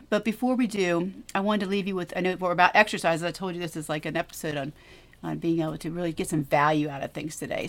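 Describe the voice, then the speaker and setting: A woman co-hosting a faith podcast, teaching in an earnest, encouraging way with emphatic repetition. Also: lowish voice. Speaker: podcast co-host.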